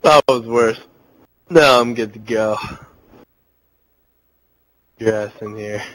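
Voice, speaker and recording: A man's voice: on the low side, takes it slowly, a bit bright, dry recording, low-quality recording. A drunk young man in casual gaming chat, giggling and rambling in a slurred voice. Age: young adult. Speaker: gamer on voice chat.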